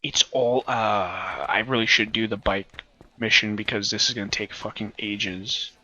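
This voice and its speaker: A man's voice: on the low side, fairly even intonation, measured pace, bright, forceful tone, lo-fi sound. Joking, swearing man playing a game. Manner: profane, joking, rambling. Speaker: let's play host. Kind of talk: casual gameplay commentary.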